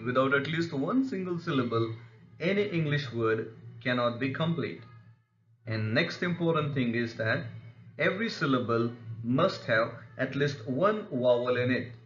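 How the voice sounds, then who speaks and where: A male English teacher works through pronunciation rules at a very unhurried pace and repeats example words deliberately. His voice rings in an echoey room. The recording sounds a little dull and lo-fi. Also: medium pitch, fairly bright tone. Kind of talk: scripted pronunciation lesson.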